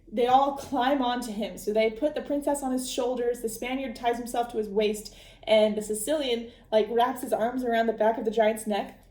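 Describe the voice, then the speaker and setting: A woman's voice: a little high, a little mellow, roomy sound. A young adult woman hosting a podcast, chatting casually through a book recap, laughing often and full of fillers. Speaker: podcast host.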